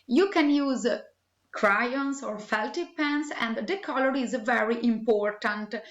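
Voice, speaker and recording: Slow, clear teacher of English. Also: female voice, fairly high pitch, a bit bright, echoey room, dull audio. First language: Italian. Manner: slow, clear, deliberate naming. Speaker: English teacher for young children. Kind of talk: recorded listening lesson.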